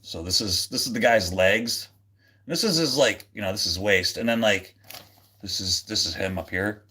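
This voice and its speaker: A man's voice: on the low side, normal speed, pushed and bright, slightly rough. A man hosting a casual livestream, rambling with lots of fillers and restarts and a jokey, goofy manner. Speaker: livestream host.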